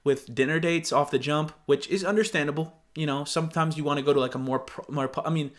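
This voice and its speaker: A man's voice: on the high side, fast talker. A young man giving casual reaction commentary, blunt, profane and openly incredulous. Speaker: online commentator.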